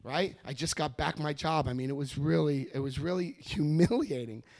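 A man's voice: on the high side, normal speed, darkish tone. A middle-aged American man giving a rambling personal testimony to a meeting, often repeating himself and acting out quoted voices. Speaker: recovery meeting speaker.

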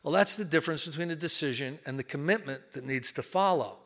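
Middle-aged guy talking at a recovery meeting, folksy, bright voice, kinda high. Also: quick pace. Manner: folksy, plain-spoken, frequent fillers and restarts. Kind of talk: informal talk to a recovery group.

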